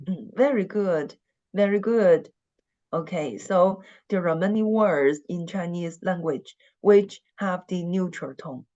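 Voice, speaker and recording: A woman teaching an online language class, speaking slowly and patiently and having students repeat after her. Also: on the low side, mellow, muffled recording. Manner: slow, patient, repeats words for students to echo.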